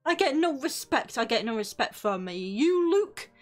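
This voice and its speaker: A woman's voice: sits high, big pitch swings, unhurried, faint music behind. A young British woman streamer telling a rambling, sweary story, often breaking off mid-sentence. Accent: British English. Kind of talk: casual storytelling on a live stream.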